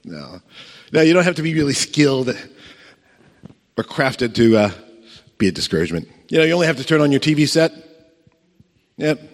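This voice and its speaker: Animated man preaching in an echoing hall. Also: medium pitch, moderate pace, pauses often. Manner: animated storytelling, acts out voices, chuckles, asks the crowd questions. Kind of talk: sermon. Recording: long reverb of a large hall.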